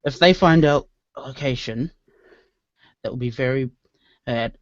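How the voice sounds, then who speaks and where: A man's voice: mid-range voice, measured pace, no room sound, dull audio. A man playing a tabletop game in character, stammering and restarting. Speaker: player.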